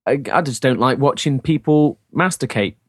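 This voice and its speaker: A man co-hosting a podcast in casual chat, jokey and playful, riffing on ideas with a quick wit. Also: mid-range voice, no room sound, studio quality. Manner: playful, jokey, goes off on riffs. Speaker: podcast co-host.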